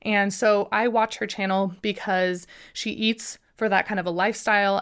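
A woman's voice: mid-range voice, smooth. A young woman from the United States hosting a casual podcast, chatty and gushing, with lots of fillers. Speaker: podcast host.

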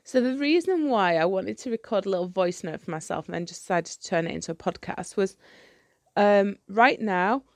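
A woman's voice: mid-range voice, expressive, normal speed, no echo, studio quality. A woman hosting her own podcast, talking candidly and rambling with plenty of fillers and restarts. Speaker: podcast host. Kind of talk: candid solo podcast chat.

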